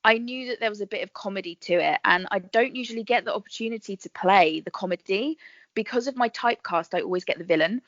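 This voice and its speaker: A woman tells stories in a bubbly, chatty way and laughs often. Her voice sits in a middle pitch. The recording is dry and a little muffled. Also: fast, a bit bright, dry recording. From England. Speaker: guest actress. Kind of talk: casual podcast interview.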